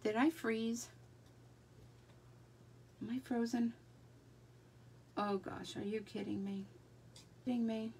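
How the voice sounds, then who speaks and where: A woman's voice: medium pitch, fairly even intonation, slow pace, long pauses, fairly bright tone. A woman chatting her way through a live card-making demonstration, talking to herself as she works. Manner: chatty, talks to herself while working.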